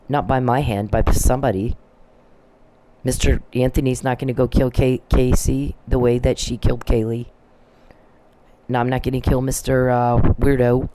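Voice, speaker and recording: A woman's voice: a bass voice, mellow, poor audio. Blunt, profane woman ranting. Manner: heated, blunt and profane, with frequent restarts. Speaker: vlogger. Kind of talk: angry personal rant to camera.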